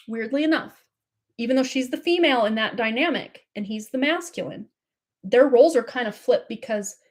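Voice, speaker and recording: A woman's voice: fairly high pitch, a little mellow. Chatty woman doing a tarot reading. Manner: chatty, rambling, laughs often. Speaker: tarot reader.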